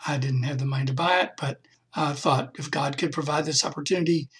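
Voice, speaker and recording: A man's voice: on the high side, fairly even intonation, fairly quick, fairly bright tone, slightly rough. A man giving a heartfelt devotional testimony for his podcast, telling a personal story with emphatic feeling. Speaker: podcast speaker.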